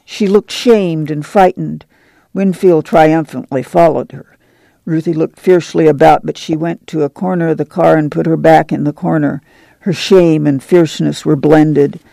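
A man narrating an audiobook in a measured, unhurried way. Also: a little high, steady tone, vocal fry, warm tone, dry recording.

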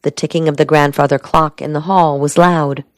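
A woman narrating a novel in a steady, measured audiobook reading. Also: low-pitched, dry recording.

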